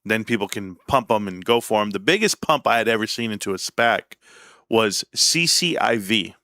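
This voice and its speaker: Man, streamer host, casual rambling commentary, irreverent jokes, bright, dry close sound. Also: on the low side, lively intonation, moderate pace, no echo. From United States. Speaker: livestream host.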